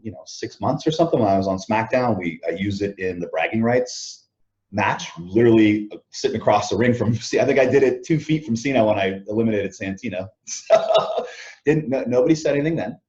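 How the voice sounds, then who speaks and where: A former wrestler, interviewed as a guest, tells animated backstage stories casually, acting out others' lines and chuckling often. His voice is on the low side and brisk. The audio is dull and lo-fi.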